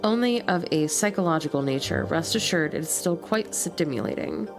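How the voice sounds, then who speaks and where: A woman reading as a poised, courteous succubus hostess. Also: deep voice. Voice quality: slight lisp. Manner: calm, polite, measured formal speech. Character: composed, courteous female succubus brothel keeper. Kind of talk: reading game dialogue aloud. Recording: stream with clear music behind.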